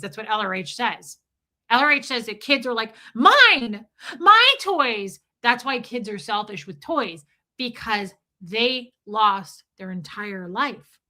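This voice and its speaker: A woman's voice: mid-range voice, sharp tone. A woman hosting a casual livestream, telling a personal story in a candid, emphatic way. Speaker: livestream host.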